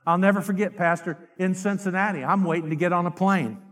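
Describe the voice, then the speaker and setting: A middle-aged man, preaching a fiery revival sermon that swings from shouted outbursts to low confiding asides. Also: a little fast. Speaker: evangelist.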